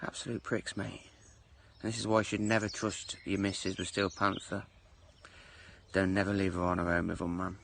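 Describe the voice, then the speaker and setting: A man's voice: low voice, flat delivery, moderate pace, gravelly, a bit bright, slight background noise. A man telling a blunt, matter-of-fact anecdote. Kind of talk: casual anecdote.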